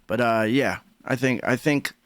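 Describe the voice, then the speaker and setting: A man with a deep, smooth voice hosting a casual live-stream commentary, rambling and swearing freely. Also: measured pace, fairly bright tone, dry recording, studio quality. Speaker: livestream commentary host.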